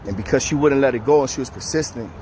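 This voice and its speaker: A man's voice: medium pitch, quick pace, background noise. A man telling a jail story to camera in casual street slang, acting out the voices of the people in it. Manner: animated, acts out quoted voices, profane street slang. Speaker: storyteller recounting jail time.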